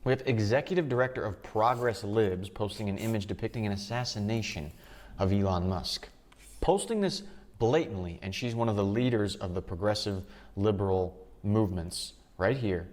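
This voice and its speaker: A man's voice: on the low side, normal speed, a little mellow. A man narrating a commentary video in a matter-of-fact, mocking way. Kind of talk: scripted commentary.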